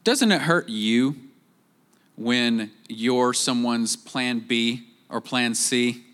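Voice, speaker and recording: A man preaching a sermon, jumping up in pitch to act out quoted voices and dropping to slow, quiet emphasis on key points. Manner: animated, acts out quoted voices with rising pitch. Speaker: pastor.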